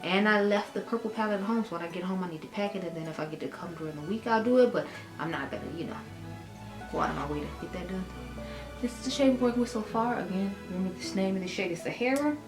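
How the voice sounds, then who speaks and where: A woman's voice: medium pitch, fast talker. A woman, chatting casually through a makeup tutorial for her viewers, rambling and calling them y'all. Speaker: beauty vlogger. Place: room at home. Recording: echoey room with music behind.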